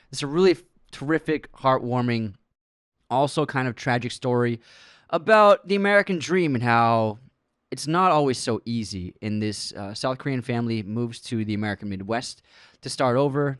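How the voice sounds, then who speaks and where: A man's voice: medium pitch, no room sound, studio quality. A man co-hosting a casual movie podcast. He laughs a lot as he reads listener comments aloud. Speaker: podcast co-host.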